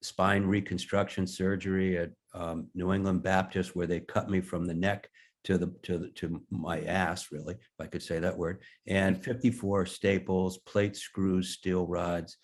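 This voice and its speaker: A man's voice: deep voice, little pitch movement, unhurried. A man in his sixties, a guest in an interview, telling candid stories with blunt language and self-deprecating humor. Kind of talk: candid conversational storytelling.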